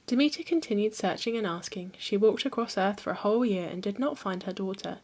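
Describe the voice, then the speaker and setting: A woman hosting a history channel, reading a mythology book aloud in a calm, even storytelling manner. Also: medium pitch, brisk, few pauses.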